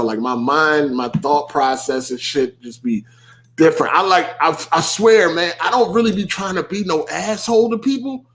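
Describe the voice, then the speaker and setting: A man hosting a podcast, ranting in casual speech with lots of swearing and mocking asides. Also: on the high side. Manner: animated, swearing, laughing, mocking quoted voices. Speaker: podcast host. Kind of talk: casual rant.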